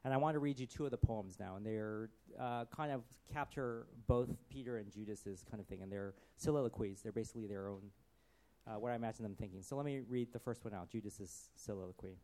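A man preaching a sermon, earnest, often dropping to a soft voice. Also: on the low side, fairly quick.

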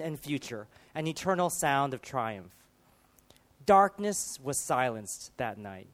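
A man preaching a sermon, building through emphatic rhetorical questions and dropping to quieter moments. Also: on the high side.

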